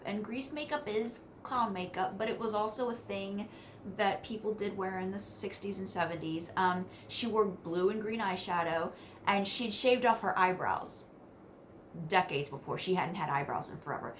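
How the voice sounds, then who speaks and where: A woman's voice: medium pitch, slight background noise. A woman from West Virginia telling family stories to camera in a chatty, casual way. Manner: chatty, laughs between sentences, animated asides. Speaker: vlogger.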